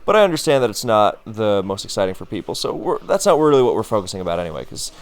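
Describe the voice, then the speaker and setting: A man's voice: on the low side, sing-song, fast talker. A man casually commenting on a competitive battle replay, chatty and full of fillers, self-correcting as he goes, sounding tired.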